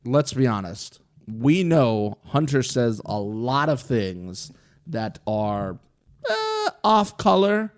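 A man's voice: mid-range voice, takes it slowly. A man hosting a casual podcast chat, animatedly recapping events and acting out what people said. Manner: animated recapping with acted-out quotes. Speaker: podcast host.

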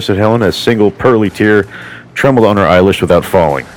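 A low-voiced man reads a classic tale as a comic parody, keeping a storybook tone while slipping in crude, irreverent asides. Soft music runs faintly underneath. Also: brisk, rough recording. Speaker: narrator.

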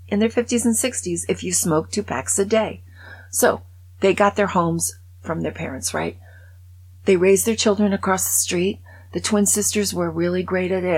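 A woman over sixty-five hosting her podcast, telling a long joke in a casual conversational way and dropping to a hushed voice for the sad parts. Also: lowish voice, creaky, slightly rough. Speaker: podcast host.

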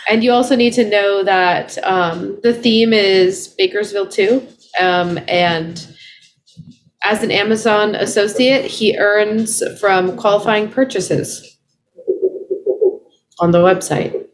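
A woman's voice: mid-range voice, slow pace. A woman co-hosting a casual podcast, trading teasing and sarcastic quips. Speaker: podcast co-host.

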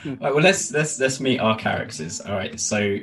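A man's voice: mid-range voice, expressive, fairly bright tone, faint music behind, poor audio. A man acting as game master, joking with players and setting up the story. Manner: laughs often, quick banter. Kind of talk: casual tabletop game narration.

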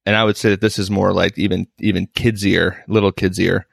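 A man's voice: low voice, level tone, a little fast, vocal fry, breathy edge, no room sound, studio quality. A man co-hosting a podcast in casual banter, rambling with restarts and laughing often. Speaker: podcast co-host. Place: home.

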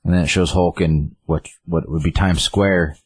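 A man's voice: low voice, steady tone, normal speed, breathy edge, dry recording. A man casually retelling a story's plot in a rambling way, with lots of fillers and quoted lines.

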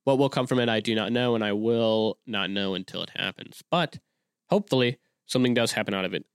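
A man's voice: fairly low pitch, brisk, clean tone, no room sound, studio quality. A man in his twenties hosting a solo podcast, talking casually in a rambling way with many restarts and fillers. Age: 20s. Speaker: podcast host.

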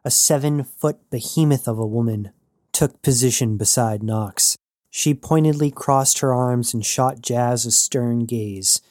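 A man narrating a science fiction story in an even storytelling read. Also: medium pitch, unhurried, no echo, clean studio sound. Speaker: audiobook narrator. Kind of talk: scripted narration.

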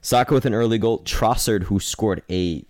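A man's voice: on the low side, moderate pace, dry recording, studio quality. A man co-hosting a sports podcast in casual chat, talkative and playful, often correcting himself mid-sentence. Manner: chatty, self-correcting, playful. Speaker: podcast co-host.

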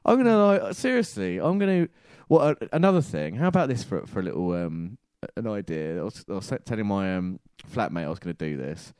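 A man's voice: fairly low pitch, big pitch swings, a little fast, hardly any pauses, darkish tone, smooth, no echo, clean studio sound. A man, co-hosting a podcast in casual chat, ranting with swearing and self-corrections. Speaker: podcast co-host.

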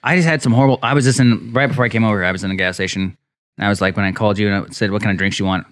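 A man in casual podcast chat, telling animated anecdotes and swearing freely. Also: fairly low pitch, dry recording, studio quality. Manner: fast, profane, animated anecdotes. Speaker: podcast co-host.

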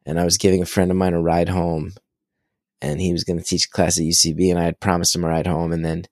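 Brief: man in his thirties, low voice, excitable casual storyteller, dry close mic. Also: fast talker, dry recording. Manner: animated, excitable storyteller, swears freely. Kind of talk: casual conversation.

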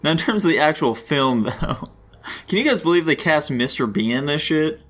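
A man's voice: a little high, expressive, moderate pace, fairly bright tone, faint music behind. A man co-hosting a podcast in casual banter, teasing and laughing easily while he cracks crude jokes. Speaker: podcast co-host.

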